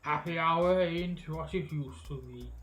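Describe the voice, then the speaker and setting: A woman's voice: sits low, unhurried, a little hiss or hum. A woman voicing a grumpy old female alligator witch in a game, with a put-on Southern drawl and a sardonic manner. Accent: put-on American Southern.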